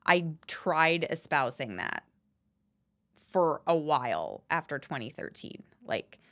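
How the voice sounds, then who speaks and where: A woman's voice: low voice, big pitch swings, takes it slowly, fairly bright tone. A woman guest on a podcast, talking candidly and bluntly, swearing freely and stressing her points. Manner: frank, swears freely, emphatic. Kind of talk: candid conversational talk.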